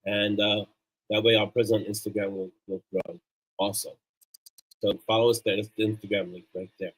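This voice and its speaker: A man's voice: fairly low pitch, little pitch movement, normal speed, low-quality recording. A man hosting a casual live stream, chatty and upbeat as he plugs links and thanks his supporters. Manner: loose and off-the-cuff, with fillers and restarts. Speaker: livestream host.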